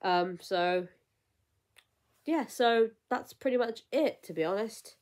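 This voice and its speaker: A woman's voice: fairly high pitch, animated, takes it slowly, darkish tone. A young woman vlogger in casual chat, rambling and emotional, with lots of fillers and restarts.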